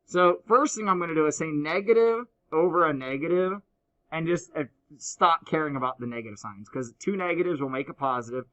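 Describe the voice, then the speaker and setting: A man teaching a high school math class, explaining step by step and teasing his students. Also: a little fast, fairly bright tone, muffled recording. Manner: playful, teasing banter with students. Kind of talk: classroom lecture.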